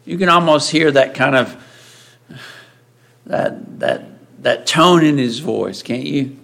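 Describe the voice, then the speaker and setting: A man's voice: a little high, expressive, slow pace, creaky, long pauses, a bit bright. A man preaching a sermon in a conversational way, often asking his listeners rhetorical questions.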